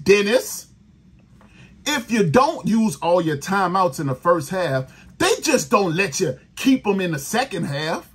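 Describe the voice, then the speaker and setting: A raspy-voiced man rants on a sports podcast, cursing and exasperated. His voice is rough and husky, and it swings up and down in pitch as he complains. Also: a bit bright. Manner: profane, exasperated ranting. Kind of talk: angry fan rant.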